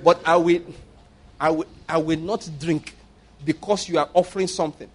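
High-voiced emphatic preacher man. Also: steady tone, moderate pace. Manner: emphatic, repeats phrases, rhetorical questions. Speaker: pastor. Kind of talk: sermon.

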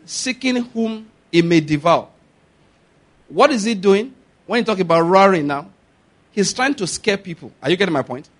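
A man preaching a sermon, often pausing to ask the congregation if they follow his point. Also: high voice, fairly bright tone. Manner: repeats rhetorical questions to the congregation. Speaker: pastor.

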